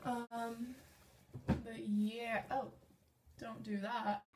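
High-voiced young woman rambling. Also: little pitch movement, drawn-out words, heavy background noise. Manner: rambling, self-deprecating chatter. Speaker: vlogger. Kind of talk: casual makeup vlog. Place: at home.

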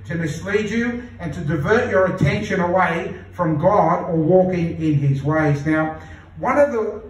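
Pastor preaching, high voice, echoey hall. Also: male voice. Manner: earnest, repeats phrases for emphasis, slows to read scripture. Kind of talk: sermon. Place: church hall. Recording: echoey church hall from far off.

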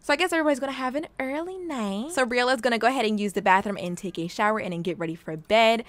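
A woman's voice: a little high, racing, no echo. A young woman hosting a let's play, giving casual, teasing commentary as she plays and laughing often.

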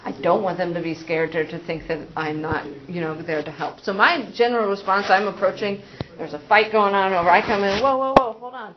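A school psychologist presenting a parent training in a casual, conversational way, with frequent fillers and acted-out examples. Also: female voice, on the low side, steady tone, fairly quick, noisy background. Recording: dull, muffled sound.

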